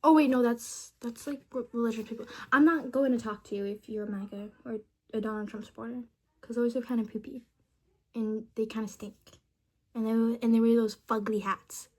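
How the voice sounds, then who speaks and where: A woman's voice: on the high side, fairly even intonation, brisk, darkish tone. A young woman chatting casually with a chatbot. She rambles playfully and mutters asides under her breath.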